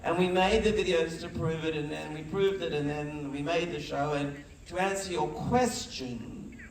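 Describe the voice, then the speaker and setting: A man's voice: fairly high pitch, moderate pace, far from the mic. A middle-aged man, a film director, telling stories on stage at a festival conversation and acting out the quotes with animation. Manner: animated storyteller, acts out quotes. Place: large festival hall with audience. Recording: echoey hall, mic heard from afar.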